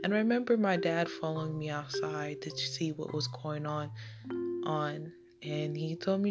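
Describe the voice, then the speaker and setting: A young woman telling a personal childhood story, halting with repeats and restarts. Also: deep voice, music in the background.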